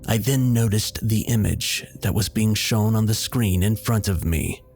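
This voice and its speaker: Low-voiced man narrating a horror story. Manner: steady, measured storytelling. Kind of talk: scripted first-person horror narration. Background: faint background music.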